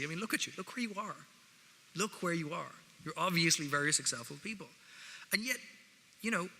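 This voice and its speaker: A man's voice: on the high side, sharp tone. A man with an Irish accent giving a speech to students, wry and conversational with jokey asides, in a large hall. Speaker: guest speaker. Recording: reverberant hall, faint noise.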